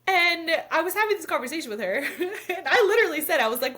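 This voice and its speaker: A woman's voice: extremely high pitch, fast, few pauses. A woman in her thirties co-hosting a casual podcast, telling a story with lots of acted-out quotes and frequent swearing. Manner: animated storytelling, acting out quotes, swears freely. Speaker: podcast co-host. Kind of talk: casual chat.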